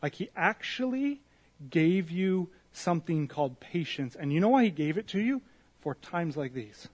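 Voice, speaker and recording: Earnest preaching man, rather high voice. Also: very animated, moderate pace. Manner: earnest, rising and falling in loudness, rhetorical questions. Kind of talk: devotional sermon and prayer.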